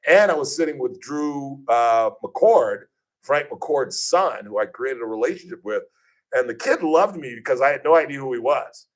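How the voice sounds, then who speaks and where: A man hosting a radio talk show, telling stories casually and animatedly, acting out the voices of people he quotes. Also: normal speed. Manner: animated, acts out quoted voices with big pitch jumps.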